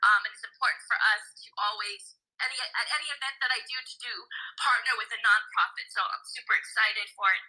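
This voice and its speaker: A woman joining an audio chat room to talk about an upcoming event, chatty and excited. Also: a little high, a little fast, poor audio. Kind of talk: casual chat.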